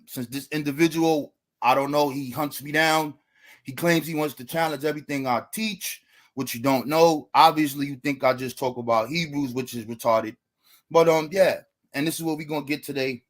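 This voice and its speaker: A man giving a debate opening statement, lecturing and asking rhetorical questions. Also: fairly high pitch.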